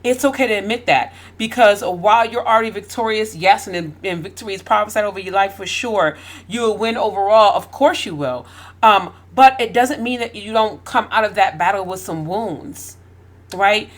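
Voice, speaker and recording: A woman's voice: mid-range voice, moderate pace. A woman host giving an emphatic faith-based motivational talk, full of rhetorical questions.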